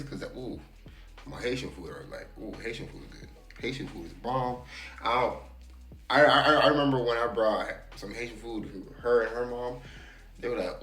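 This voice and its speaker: A young man from Florida hosting a casual chat, telling stories in an animated way and quoting people in exaggerated voices. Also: mid-range voice, moderate pace, reverberant, faint music behind. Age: young adult. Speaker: channel host.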